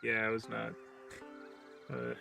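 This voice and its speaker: A man on a game stream, rambling through self-deprecating stories in casual chat. His voice is bright and forward, at a middle pitch. Faint music plays underneath. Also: creaky. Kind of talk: casual chat while gaming.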